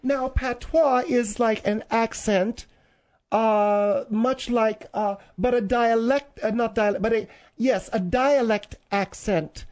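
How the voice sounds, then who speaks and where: A man's voice: very high voice, steady tone, takes it slowly, darkish tone, pitched above the performer's own voice. A man voicing a fussy, pedantic middle-aged male sidekick.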